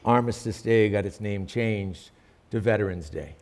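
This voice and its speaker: A man's voice: fairly low pitch, moderate pace, darkish tone. A male pastor praying earnestly and then telling a story in a sermon, with emphatic rises in his delivery.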